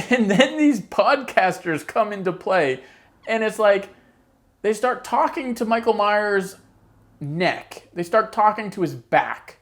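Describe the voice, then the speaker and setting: A woman's voice: medium pitch, animated, unhurried. A woman hosting a horror channel, giving a casual opinion rant with exasperated, sarcastic asides.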